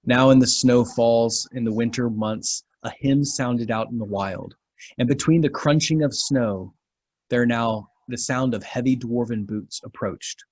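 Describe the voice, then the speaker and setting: A man narrating as game master of a tabletop fantasy game, with dramatic pauses. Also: medium pitch, darkish tone, no echo.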